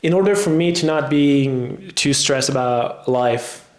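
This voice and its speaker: A man's voice: medium pitch, unhurried. A man who is a fitness coach, talking casually and rambling to camera, with slightly English. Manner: rambling, conversational. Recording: roomy echo.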